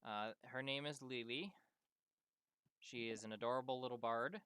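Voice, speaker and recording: Game master, bright crisp voice, dry close sound, voice chat. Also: medium pitch, fairly even intonation, no echo. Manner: laughs often, quick instructions. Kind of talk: running a tabletop game over voice chat.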